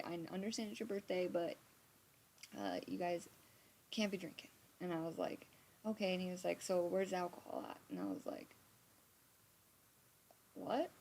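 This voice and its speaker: With a mid-range voice and a slight hiss or hum, a young woman streams from her computer and tells a story in a casual way. She gets animated, curses freely, and plays out the quotes.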